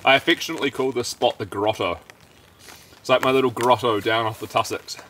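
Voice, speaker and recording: A man's voice: mid-range voice, fairly quick. A young man vlogging while camping, chatty and upbeat, talking while he eats. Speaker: outdoor vlogger. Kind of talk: casual camping vlog. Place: outdoors at a campsite under a shelter in rain. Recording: heavy rain noise outdoors. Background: steady rain and fire crackle.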